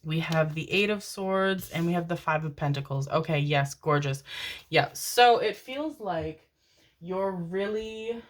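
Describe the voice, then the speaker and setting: A woman's voice: on the low side, a little slow, slight background noise. A woman giving a casual, effusive tarot reading to her viewers, chatting freely and swearing now and then. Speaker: tarot reader.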